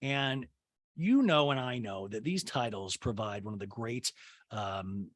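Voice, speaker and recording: A man's voice: fairly low pitch, measured pace, no echo, clean studio sound. A man hosting a solo recap podcast, joking and acting out quoted voices as he goes. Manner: animated, jokey, acts out quoted voices. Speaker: podcast host. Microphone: podcast microphone.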